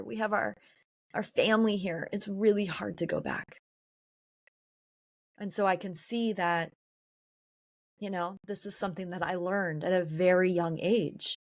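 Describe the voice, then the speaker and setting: A woman from San Diego hosting a podcast, talking through her feelings in a candid, introspective personal monologue. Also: on the low side. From San Diego, California. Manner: candid, introspective, emotionally open. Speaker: podcast host.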